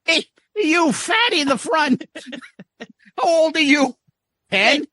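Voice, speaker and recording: A man doing an impression of a brash male rock guitarist who loudly heckles kids in an audience. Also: very high-pitched, lively intonation, slow, no echo, studio quality, pitched above the performer's own voice, exaggerated voice. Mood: mocking. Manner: loud heckling banter.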